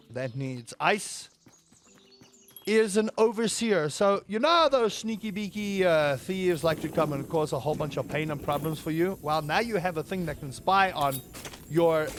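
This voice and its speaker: A man giving playful, theatrical let's-play commentary over a game, now and then breaking into high panicked yelps. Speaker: gaming video creator.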